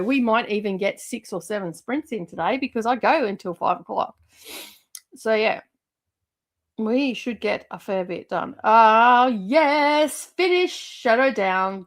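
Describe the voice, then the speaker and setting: A middle-aged woman, chatting casually as host of a livestream, rambling with lots of fillers and laughs. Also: fairly high pitch.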